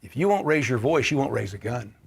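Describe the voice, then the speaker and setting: A man hosting a political livestream, ranting with profanity and swinging between shouting and low muttering. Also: expressive, fairly quick, creaky, breathy edge. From Indiana, US. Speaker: political commentary host.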